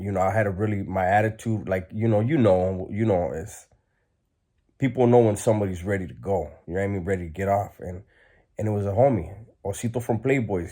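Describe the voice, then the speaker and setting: A man with a somewhat low voice recounts a story in plain streetwise talk. He is blunt and relaxed, and he leans on fillers as he goes. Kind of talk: casual storytelling.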